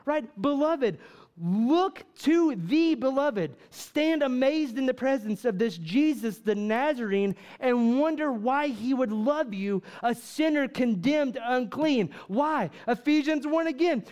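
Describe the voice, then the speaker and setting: A man's voice: very high voice, animated, slow, darkish tone. A man preaching a fervent sermon to a church congregation, full of rhetorical questions and repeated "right?" asides. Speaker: pastor.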